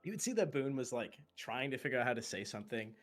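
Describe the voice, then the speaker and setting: A man's voice: mid-range voice, sing-song, fast talker, fairly bright tone, faint music behind. A man joking around as a player in a tabletop game. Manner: joking, cheeky. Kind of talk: casual game talk.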